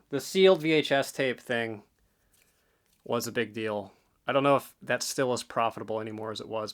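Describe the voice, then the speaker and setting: A man talking casually to the camera as a reselling vlogger, offhand and rambling, a bit out of breath. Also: medium pitch. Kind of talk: casual vlog talk.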